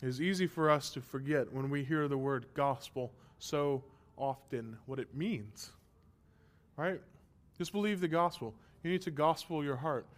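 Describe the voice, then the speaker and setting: A man delivers a sermon from the pulpit, his voice sitting somewhat high for a man. He preaches with passion and emphasis, firing off rhetorical questions. His throat sounds a little strained. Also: moderate pace. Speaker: pastor.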